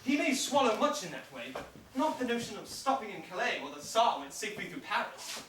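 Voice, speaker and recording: An actor playing a wry scheming gentleman. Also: medium pitch, sing-song, fairly quick. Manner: wry, theatrical, plotting. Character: scheming gentleman plotter, witty and theatrical. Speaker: stage actor. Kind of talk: live stage play acting. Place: theater stage. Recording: echoey stage from far, noisy.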